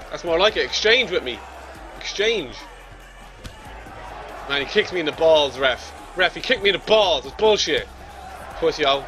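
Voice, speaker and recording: His voice is a little high and expressive, moving at normal speed with frequent pauses. A young man narrates his own gameplay casually, swearing brashly, trash-talking the other player, and yelling when he loses. Faint music and a faint crowd can be heard.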